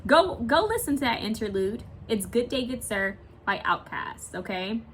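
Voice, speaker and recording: Tarot reader, woman, slightly high voice, rambling and talkative, casual swearing. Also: lively intonation, moderate pace, fairly bright tone, a little hiss or hum. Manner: chatty and rambling, searching aloud for words; swears and laughs casually while talking. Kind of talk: casual pick-a-picture reading.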